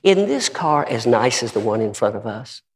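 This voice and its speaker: A man's voice: mid-range voice, big pitch swings, normal speed, voice pushed down. A man preaching, voicing a boastful know-it-all male train traveler in a cocky, dismissive tone, in a large hall. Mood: smug. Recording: long reverb of a large hall.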